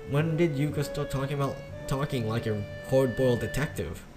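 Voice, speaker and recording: A man's voice: medium pitch, fairly quick, hardly any pauses, music in the background. A young man reading a visual novel aloud, stumbling over words and joking at himself. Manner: stumbling, self-mocking. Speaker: let's play narrator.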